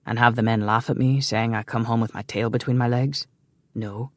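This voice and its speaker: A man voicing a proud, scheming Scottish man who speaks low, heavily and with a sneer. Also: fairly even intonation, moderate pace, dry recording, natural voice. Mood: angry.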